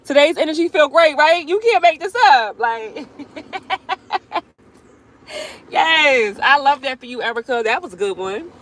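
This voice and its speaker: A woman's voice: sits high, expressive, measured pace, long pauses, a bit bright. A young woman giving a live-streamed tarot reading outdoors beside a road, talking in a chatty, slangy, emphatic way. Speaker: tarot reader.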